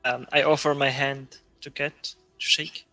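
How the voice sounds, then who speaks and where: A man with a very sharp, tense, higher voice talks slowly as a player. He jokes and stumbles over his words as he decides what to do. Faint music plays in the background. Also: flat delivery, no echo. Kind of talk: casual tabletop role-play.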